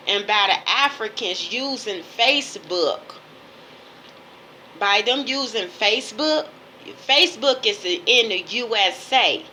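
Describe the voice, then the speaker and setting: A woman from Chicago delivers an emphatic, lecturing monologue and hammers her points by repeating phrases. Her voice sits a little high and sounds bright and forceful. A faint background noise runs underneath. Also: rough recording. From Chicago, USA. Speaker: page owner. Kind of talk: ranting monologue.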